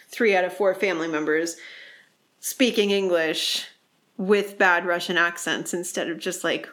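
A woman's voice: fairly low pitch, fairly bright tone. A woman co-hosting a podcast, chatting casually and critically about a movie, peppering her talk with "like". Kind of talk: casual movie discussion chat.

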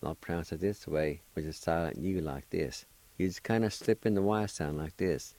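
A man's voice: sits low, moderate pace, vocal fry, darkish tone, no room sound. An older man with a Cherokee-speaking Oklahoma accent, patiently teaching vocabulary on a radio show, spelling and repeating each word syllable by syllable. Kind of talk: slow spelled-out language lesson.

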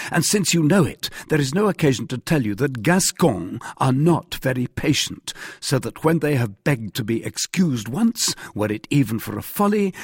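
A man voicing an earnest, hot-tempered young male Gascon who is quick to take offence. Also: medium pitch, gravelly, slightly rough, no echo, clean studio sound, full character voice.

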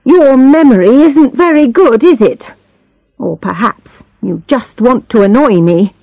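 A woman's voice: on the high side, animated, measured pace, creaky, no room sound, lo-fi sound, faint music behind, voice pushed up, heavily acted. A woman voicing a sickly, scornful older rich woman who complains without end, in a storybook reading. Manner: whiny, scornful, petulant.

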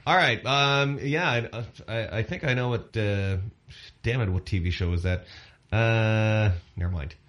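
A man's voice: on the low side, a little slow, a bit bright. A man hosting a radio show, bantering and teasing his co-host with lots of fillers. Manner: joking, teasing, rambling with many fillers. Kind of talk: casual on-air banter. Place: radio studio.

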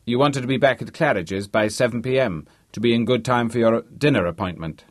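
A man's voice: medium pitch, brisk, no room sound, clean studio sound, lightly acted. A man voicing a nervous young chauffeur who speaks deferentially and whimpers his replies.

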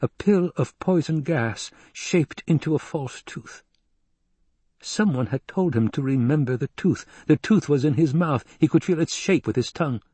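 A man narrates an audiobook in a measured, steady way, with a husky tone. The sound is close and dry, with no room around it. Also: fairly high pitch, no room sound. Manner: measured storytelling. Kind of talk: scripted narration.

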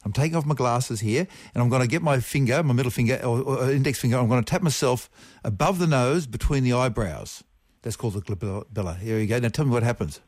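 A man's voice: medium pitch, quick pace, a little mellow, no echo. Man, playful, spelling words out, dry studio mic. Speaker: radio science guest. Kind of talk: casual radio science chat. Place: radio studio. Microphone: studio microphone.

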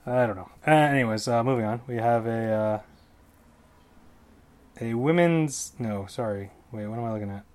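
Male host, casual and rambling, mid-range voice, quick self-corrections and offhand jokes. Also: medium pitch, a little mellow. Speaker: podcast host. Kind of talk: casual solo fight predictions.

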